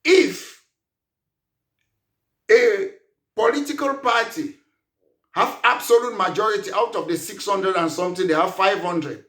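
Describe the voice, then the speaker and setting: Emphatic man with a high voice, echoey. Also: unhurried, long pauses, fairly bright tone. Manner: emphatic, rhetorical questions. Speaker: party leader. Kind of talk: political monologue.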